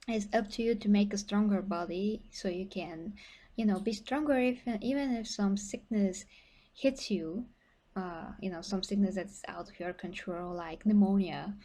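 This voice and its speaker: A woman's voice: mid-range voice, a little mellow. A young woman chats to her viewers about getting fit. She is blunt and talkative, with a lot of fillers and restarts. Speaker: fitness vlogger. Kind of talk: casual livestream talk to viewers.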